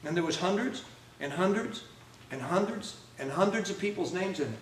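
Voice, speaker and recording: A man's voice: high voice, normal speed, slight background noise. A man preaching a storytelling sermon, acting out the voices of the people in his story and asking his listeners questions. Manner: animated storyteller who acts out quoted speech; asks the audience questions. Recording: roomy hall recording from a distance, faint music.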